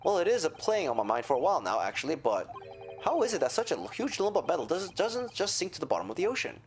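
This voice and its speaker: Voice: mid-range voice, very animated, quick pace, a little hiss or hum. A streamer voicing a nervous young Japanese man, a law student in a video game, who asks hesitant, polite questions. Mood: puzzled.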